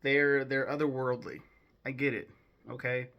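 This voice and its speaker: A man's voice: medium pitch, little pitch movement, moderate pace, lo-fi sound. A young man hosting a film-ranking video, rambling casually with lots of swearing, fillers and restarts. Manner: loose, profane, rambling with many fillers and restarts. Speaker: video host ranking films. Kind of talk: casual commentary.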